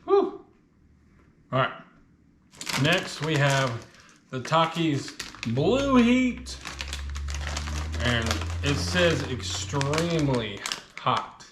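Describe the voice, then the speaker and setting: A man's voice: medium pitch, takes it slowly, echoey room, background noise. A man casually reviewing spicy chips on his vlog, chatting with his mouth full while the heat burns. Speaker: food reviewer.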